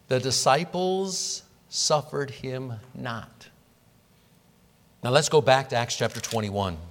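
A man preaching an expository sermon verse by verse, earnest and explanatory, posing rhetorical questions to his congregation. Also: on the high side. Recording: long reverb of a hall.

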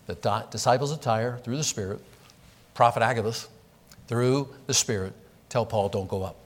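A man preaching an expository sermon verse by verse, earnest and explanatory, posing rhetorical questions to his congregation. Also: mid-range voice. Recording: long reverb of a hall.

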